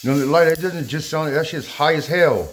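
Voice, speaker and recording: A man's voice: fairly high pitch, normal speed, soft background music. A man in casual chat, blunt and terse, full of slang. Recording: echoey room, faint noise.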